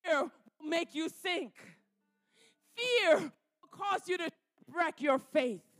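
High-voiced lady pastor praying hard, slow and fervent, repeats lines over and over. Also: animated, a bit bright, soft background music. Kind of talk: sermon prayer.

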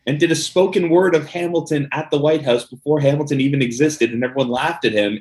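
A man's voice: fairly high pitch, quick pace, few pauses, darkish tone. A man co-hosting a podcast in casual chat, joking, laughing often and rambling with fillers. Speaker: podcast co-host.

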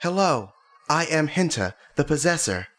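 A man's voice: fairly high pitch, very animated, normal speed, fairly bright tone, pitched above the performer's own voice. A man voicing an odd, eccentric character who speaks in stiff, overly formal sentences.

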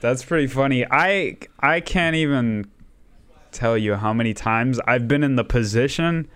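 A young man hosting a casual podcast, talking in a relaxed, halting way and repeating words. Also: medium pitch, smooth, no echo. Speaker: podcast host. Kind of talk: casual chat.

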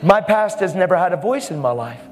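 A man's voice: sits high, lively intonation, brisk. A man preaching a sermon boldly and emphatically, with laughing asides. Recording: hall reverb with faint music.

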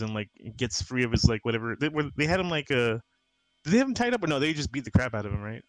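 A man's voice: medium pitch, expressive, fast talker, no echo. Hesitant man questioning film logic. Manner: questioning, hesitant, many restarts and laughs. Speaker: podcast co-host. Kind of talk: casual film review chat.

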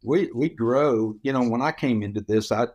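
A man hosting a faith podcast, speaking in a measured, encouraging conversational way. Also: medium pitch, a little mellow, dull audio. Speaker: podcast host.

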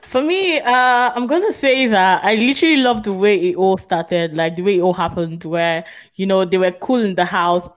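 A woman's voice: medium pitch, moderate pace. A woman, chatting casually on a podcast and leaning on "literally" often. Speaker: podcast co-host. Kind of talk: casual fan chat.

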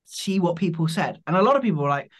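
A man's voice: sits high, animated, fast talker. Reflective man thinking aloud. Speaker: podcast co-host. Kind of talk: casual conversation.

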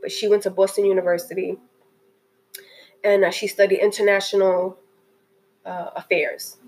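A woman's voice: medium pitch, little pitch movement, moderate pace, darkish tone, rough recording. Woman rambling earnestly bout a movie she loved, lots of restarts, heartfelt. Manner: earnest and emotional, many restarts. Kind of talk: casual spoken film review.

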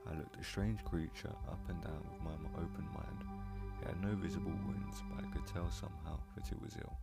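A man with a very deep, gravelly voice narrates a story gently and steadily. Loud music plays underneath his reading throughout. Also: fairly even intonation, brisk.

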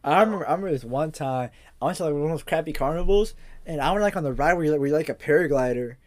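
A man hosting a podcast in casual chat, animated and often repeating words as he restarts. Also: on the high side, racing. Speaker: podcast host.

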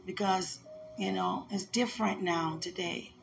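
A woman's voice: fairly low pitch, fairly even intonation, unhurried, vocal fry, music in the background. A woman giving a heartfelt, emotional religious message, repeating herself and laughing often.

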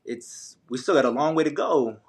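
A young man appears as a podcast guest, an ultramarathon runner telling a running story casually and in slang, with lots of fillers and restarts. His voice is fairly high, animated and at normal speed.

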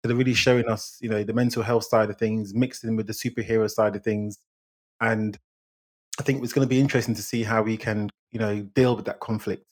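A man co-hosting a film podcast, giving measured, agreeable opinions and short murmured replies. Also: fairly low pitch, fairly even intonation. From England. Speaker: podcast co-host. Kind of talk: casual film review chat.

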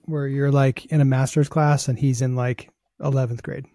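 A man's voice: medium pitch, level tone, normal speed, mellow, dry recording, studio quality. A man talking casually on a podcast in a reflective way, explaining his views with analogies.

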